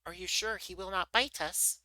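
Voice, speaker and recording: Tiny regal mouse queen with a squeaky high voice, haughty, very bright, a man doing it. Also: lively intonation, moderate pace, dry recording, exaggerated voice, rough recording. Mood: timid. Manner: indignant, regal.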